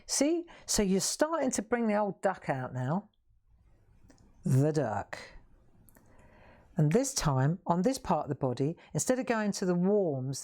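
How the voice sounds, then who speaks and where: Low-voiced chatty craft host. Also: female voice, darkish tone. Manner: chatty, laughs often, self-mocking asides. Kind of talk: live colouring demonstration.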